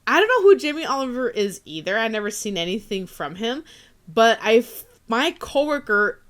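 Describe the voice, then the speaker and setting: A woman's voice: fairly high pitch, big pitch swings, normal speed. A young woman co-hosting a podcast, chatting casually, swearing often and laughing through her stories. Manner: profane, giggly storyteller. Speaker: podcast co-host. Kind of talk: casual chat.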